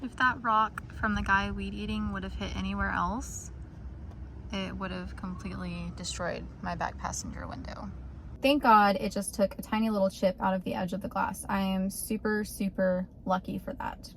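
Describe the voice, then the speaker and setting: A woman's voice: medium pitch, fairly even intonation, normal speed, fairly bright tone, slight background noise. A woman, vlogging casually and with exasperation outdoors beside her car. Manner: chatty, exasperated. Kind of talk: casual vlog.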